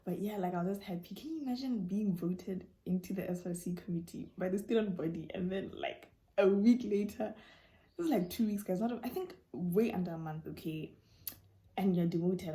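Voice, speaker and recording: A young woman vlogger telling stories and answering viewer questions in a casual chat, acting out dialogue with sudden jumps in voice. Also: fairly low pitch. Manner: animated, acts out dialogue with quick voice jumps.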